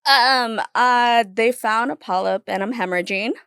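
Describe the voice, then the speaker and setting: A woman's voice: a little high, normal speed, bright, forceful tone, clean tone, no echo, studio quality. Rambling young woman podcast guest. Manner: rambling, filler-heavy, laughing. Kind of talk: casual chat.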